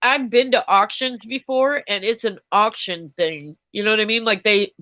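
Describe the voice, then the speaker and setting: A panelist chatting casually, expressive and often incredulous. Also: medium pitch, moderate pace, dry recording, dull audio.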